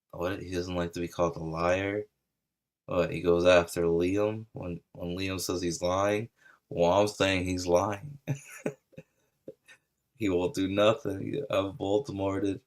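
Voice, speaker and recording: A man ranting casually in a taunting, mocking way about an online feud. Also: low voice. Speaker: stream commentator. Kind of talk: casual rant.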